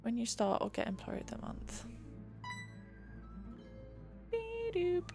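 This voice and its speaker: A woman's voice: very high voice, big pitch swings, slow pace, gravelly, over music. A young woman from England chatting casually on a live stream, giggly and reading chat aloud into a desk mic. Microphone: desk mic she keeps bumping.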